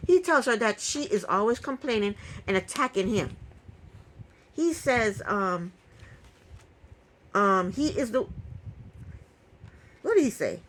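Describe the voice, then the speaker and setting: A woman recapping a reality TV episode in casual talk, opinionated and indignant, with quick asides. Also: mid-range voice, expressive, poor audio.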